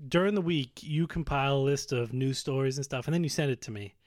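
A man's voice: mid-range voice, fast talker, a little mellow, no room sound, clean studio sound. A man co-hosting a crude comedy podcast, teasing his partner and cursing freely. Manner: profane, teasing, mock-slogan delivery. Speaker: podcast co-host.

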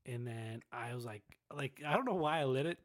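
A man co-hosting a casual podcast, telling stories with plenty of swearing and laughter. His pitch swings widely as he talks. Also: expressive, a little fast. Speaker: podcast co-host. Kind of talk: casual chat.

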